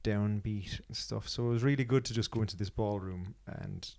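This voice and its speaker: A man's voice: fairly low pitch, moderate pace, vocal fry, darkish tone. An Irish man chatting casually on a podcast, enthusiastically reviewing a festival with many restarts. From Ireland.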